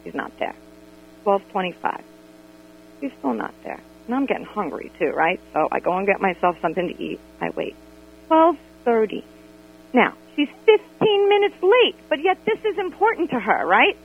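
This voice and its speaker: A woman calling in to a radio show by phone, telling a story in an animated, exasperated way. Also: a little high, moderate pace, creaky, slightly rough. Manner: animated, exasperated retelling with quoted dialogue. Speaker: radio caller. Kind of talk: call-in storytelling about a friend. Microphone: telephone. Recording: tinny phone line on radio.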